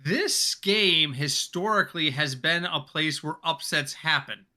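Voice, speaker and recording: A man's voice: on the high side, unhurried, sharp tone. A man co-hosting a football podcast, chatty and joking, a little tired, talking in casual chat. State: tired, yawning. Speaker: podcast co-host.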